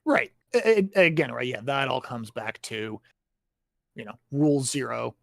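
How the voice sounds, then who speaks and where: A man's voice: mid-range voice, big pitch swings, unhurried, vocal fry, a bit bright, no echo. A man in a casual chat about writing, explaining his points and often checking in with tag questions.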